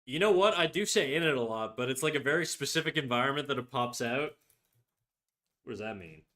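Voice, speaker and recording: A man chats loosely with his live audience while he works. His voice is notably bright and forward, set at an ordinary middle pitch. He teases, trails off and strings thoughts together with plenty of "like". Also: animated, brisk. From Canada. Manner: teasing, rambling, heavy use of "like". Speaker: streamer. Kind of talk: casual livestream chat. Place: home streaming setup.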